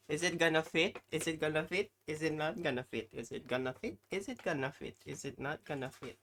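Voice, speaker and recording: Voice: mid-range voice, a little fast, hardly any pauses, fairly bright tone. Rambling, apologetic live streamer. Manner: rambling, apologetic, talks to chat while reacting. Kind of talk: casual live-stream chat.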